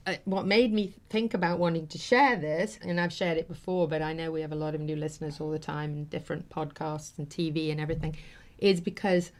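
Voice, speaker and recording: A woman's voice: low-pitched, steady tone, a little fast, few pauses. A middle-aged woman hosting a talk show, telling an emotional story in an earnest, casual way with many fillers.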